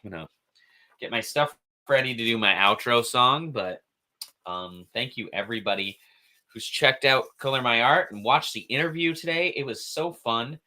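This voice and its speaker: A man's voice: mid-range voice, animated, normal speed, pushed and bright. A man hosting an art show, chatting casually and rambling to himself as he colors, swearing now and then. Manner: rambling self-commentary with swearing. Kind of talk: casual chat while coloring.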